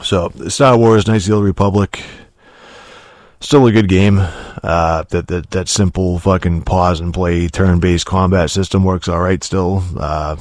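A man talks through a casual game review in a deep, low voice, circling back on himself with constant fillers, restarts and swearing. The recording is dry and close, with no room sound around him. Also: steady tone, unhurried, a little mellow, dry recording. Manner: rambling, profane, many restarts and fillers.

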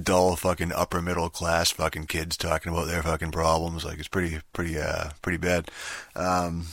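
A man's voice: sits low, fairly bright tone, dry recording. A young man talking casually about games in a rambling, profane monologue full of filler words. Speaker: gaming vlogger.

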